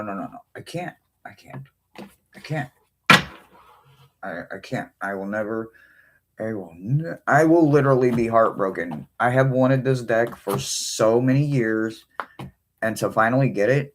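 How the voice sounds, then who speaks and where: A man hosting a tarot reading livestream, chatting casually with viewers and breaking into sudden high-pitched exclamations. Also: a little hiss or hum.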